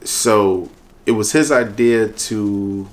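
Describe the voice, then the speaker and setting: A man with a fairly low voice talks through his story in a relaxed interview. He is earnest and thoughtful, restarting sentences as he finds the words. Faint room ambience sits under his voice. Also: takes it slowly, slight background noise. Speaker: interview guest, event organizer. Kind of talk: casual interview talk.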